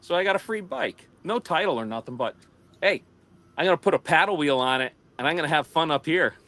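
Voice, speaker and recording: A man's voice: fairly high pitch, expressive, a little fast, sharp tone. A man with an American accent telling rambling stories in a casual livestream chat, laughing often. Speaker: livestream co-host.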